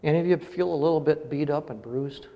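A middle-aged pastor delivers his sermon in a gravelly, slightly high voice. He talks earnestly and climbs to emphatic peaks on key phrases. The sound rings with the long reverb of a church hall. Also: brisk, lo-fi sound. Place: church sanctuary.

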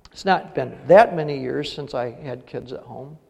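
Delivering a sermon in a church sanctuary, this middle-aged male pastor speaks in a mid-range, creaky voice that's a little mellow, keeping a moderate pace. His earnest delivery swells into emphatic peaks on important phrases, all wrapped in the long reverb of a church hall.

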